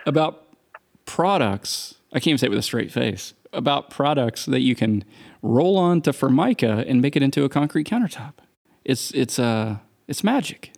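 A man's voice: mid-range voice, sing-song, normal speed, gravelly, a little mellow. A man co-hosting a podcast in casual chat, opinionated and wry, making his points with emphasis. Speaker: podcast co-host.

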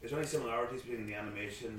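A man in the audience asking a question haltingly, with restarts. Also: medium pitch, a little hiss or hum. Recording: distant, echoey hall recording.

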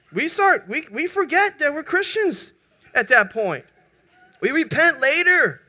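Man, pastor, sermon, high voice, lively and joking with the crowd. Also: measured pace. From United States. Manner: animated, jokes with the congregation.

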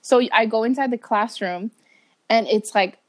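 Young female podcast co-host, higher voice, casual storyteller who giggles and does quotes. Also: normal speed. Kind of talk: casual chat.

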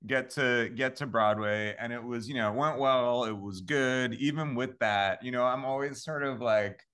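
This composer, a podcast guest, tells stories in a laid-back interview, rambling along with lots of fillers and restarts and laughing often. His medium-pitched voice moves at a normal speed and sounds fairly bright and clean.

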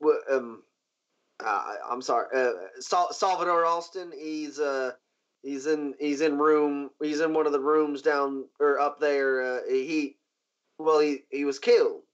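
A man's voice: on the high side, fairly even intonation, natural voice. A man voicing a nervous, flustered guard who stammers and halts mid-sentence. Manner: stammering, halting. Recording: dull lo-fi recording.

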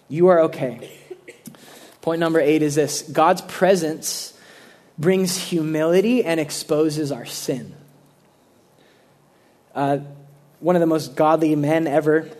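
Animated young male preacher, higher voice. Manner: animated storytelling, voice swings from loud to hushed. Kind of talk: sermon.

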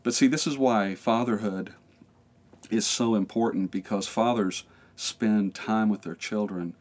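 A man with a low voice tells a story in a podcast interview, full of energy. He acts out the voices of the people in it and laughs as he goes. He is an American pastor in middle age. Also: a little slow, darkish tone.

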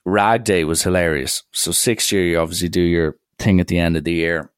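A man's voice: low voice, fairly even intonation, brisk, clear, resonant tone, no echo, clean studio sound. A young man telling a school story in a casual, wry, rambling way. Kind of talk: casual anecdote.

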